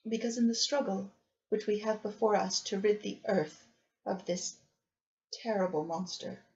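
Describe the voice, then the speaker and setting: A woman's voice: mid-range voice, mellow, lightly acted. Woman reading as a resolute young Victorian wife. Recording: dull lo-fi recording.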